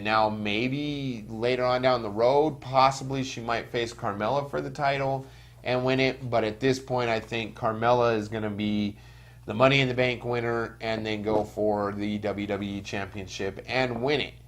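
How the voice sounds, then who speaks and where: A man's voice: medium pitch, steady tone, normal speed. Blunt, swearing male podcast host. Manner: blunt, profane ranting with stammered restarts. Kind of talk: casual podcast chat.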